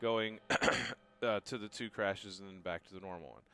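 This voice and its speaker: A man teaching a drum lesson, calling out each drum hit loudly and dropping to quieter, casual asides between demonstrations. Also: fairly low pitch, normal speed. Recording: loud drum kit and music behind. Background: drum kit playing.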